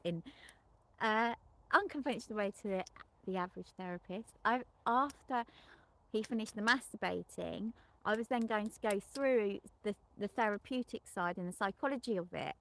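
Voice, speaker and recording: A woman's voice: medium pitch, moderate pace, creaky, a bit bright. Frank, rambling woman sex therapist. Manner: rambling, frequent restarts and self-corrections; frank and unembarrassed on explicit topics. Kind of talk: casual monologue recounting a client session.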